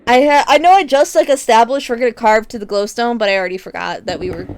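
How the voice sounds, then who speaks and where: Her voice is fairly high and quick as she chats casually on stream during a block-building game. She rambles with plenty of fillers and keeps giggling, and background noise is noticeable.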